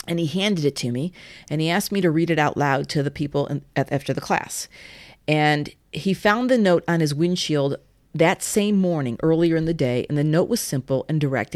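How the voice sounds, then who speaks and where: A woman who runs a yoga studio, telling a story in an animated way on a podcast. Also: sits low, moderate pace, no room sound. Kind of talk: casual storytelling chat.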